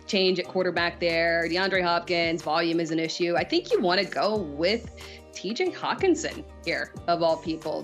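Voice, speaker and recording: A woman's voice: lowish voice, fairly bright tone. A woman giving confident fantasy football advice in a conversational way. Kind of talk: conversational sports analysis.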